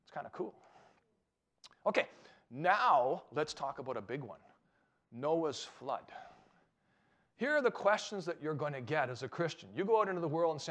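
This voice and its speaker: A man with a voice pitched a little above the usual gives a lecture to a live audience as a Christian apologetics speaker. He talks in an emphatic, animated way and keeps turning to the crowd with rhetorical questions. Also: moderate pace, long pauses.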